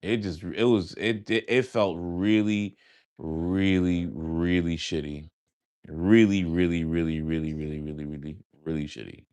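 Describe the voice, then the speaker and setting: A man in his thirties with a light New York accent talks loosely to his stream viewers. He circles back and repeats words, leaning on fillers. His voice sits very low and sounds close and dry. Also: fairly even intonation, measured pace, darkish tone, clear, resonant tone, no room sound. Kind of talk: casual live-stream chat.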